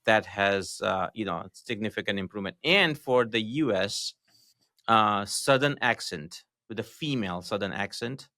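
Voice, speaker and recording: Male guest, lowish bright voice, halting matter-of-fact advice, dry close sound. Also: expressive, no echo. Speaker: podcast guest, marketing consultant. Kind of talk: casual podcast interview.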